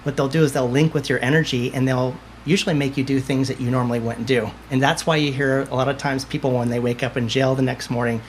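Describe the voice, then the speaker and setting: Appearing as a podcast guest, a medium tells stories in a casual interview chat, acting out the dialogue with lively flair. His medium-pitched voice moves quickly, with hardly any pauses, and there's a little hiss or hum in the recording.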